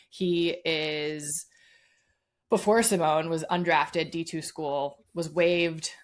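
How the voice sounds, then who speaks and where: A woman's voice: low-pitched, a bit bright. A woman co-hosting a sports podcast, talking casually with lots of fillers. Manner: chatty, many "like" fillers. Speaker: podcast co-host.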